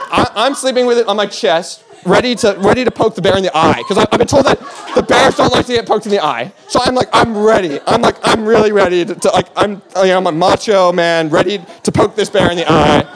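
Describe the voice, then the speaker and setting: A man's voice: high-pitched, a little fast, a little hiss or hum. A young man telling a personal story on stage, rambling with many fillers and restarts and laughing as he goes.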